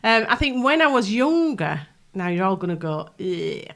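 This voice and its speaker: A woman's voice: on the high side, big pitch swings, moderate pace, fairly bright tone. A middle-aged woman with a Northern English accent, chatting about family as a podcast guest, laughing often. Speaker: podcast guest, bride's mother. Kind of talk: casual chat.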